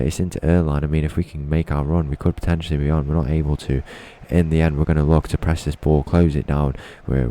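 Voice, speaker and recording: A young man with a very low, dark voice narrates his football game in match-commentary style. He keeps asking rhetorical questions and stumbles into repeated words. A faint hiss of noise sits under the recording. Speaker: gaming YouTuber.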